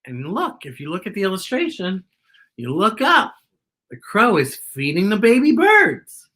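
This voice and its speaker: A woman's voice: mid-range voice, big pitch swings, moderate pace, fairly bright tone. A woman reading a picture book aloud to children, with chatty asides about the illustrations. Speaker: children's story reader.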